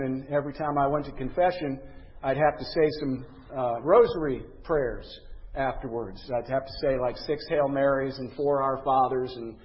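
A man's voice: on the high side, in a large hall, lo-fi sound. A man teaching a Bible lesson, earnest and conversational, reading scripture with emphasis.

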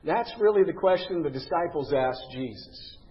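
Earnest male Bible teacher, slightly raised pitch, recorded with long reverb. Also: lively intonation, moderate pace, lo-fi sound. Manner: earnest, conversational teaching with emphatic scripture readings. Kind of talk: Bible lesson.

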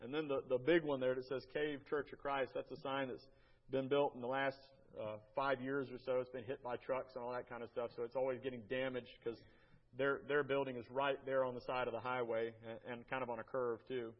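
An American man giving a church slideshow talk about a mission trip, folksy and halting, often repeating his words. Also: mid-range voice, level tone, dull audio. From United States.

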